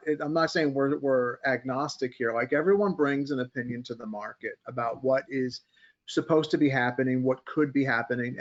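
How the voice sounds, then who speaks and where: A man's voice: on the high side, highs cut off. A man hosting a casual stock-market chat who thinks aloud and keeps asking his co-hosts for input. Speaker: host of a markets podcast. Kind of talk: casual group chat about stock charts.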